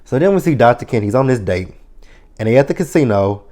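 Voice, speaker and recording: A man's voice: medium pitch, animated, quick pace, warm tone. A man in his thirties casually recapping a TV episode, chatty and profane, laughing often. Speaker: TV episode reviewer.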